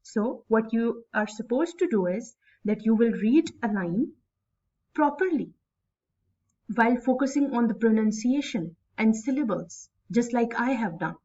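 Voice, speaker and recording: Slow Pakistani-accented woman teaching. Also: fairly high pitch, expressive, warm tone, husky. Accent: Pakistani English. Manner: slow, deliberate, stretching words syllable by syllable. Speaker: English instructor. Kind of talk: recorded classroom lecture. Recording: distant mic, dull lo-fi sound.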